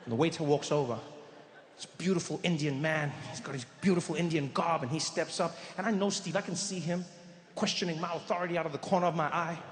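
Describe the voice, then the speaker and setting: A man from South Africa telling a stand-up comedy story, animated and breaking into shouted punchlines. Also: on the high side, fast. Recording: echoey theatre hall with ambient noise.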